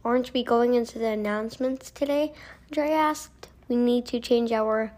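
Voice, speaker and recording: A woman reading a story aloud slowly, stumbling over words and getting corrected. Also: on the high side, steady tone, a little mellow. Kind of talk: slow read-aloud.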